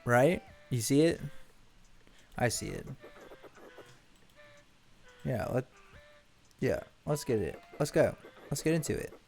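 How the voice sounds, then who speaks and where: A man with a mid-range, gravelly voice talks through a game as he plays, loose and rambling. He stumbles, corrects himself and drops the odd curse. Soft game music plays underneath. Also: medium pitch, expressive, takes it slowly, pauses often. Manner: rambling, self-correcting, swears casually. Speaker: streamer. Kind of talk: casual gameplay commentary.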